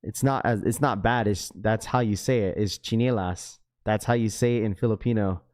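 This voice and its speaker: Speaking a little fast in a lowish, steady, somewhat dark voice, this young livestream host chats casually with viewers. He rambles along loosely and addresses chat as "bro."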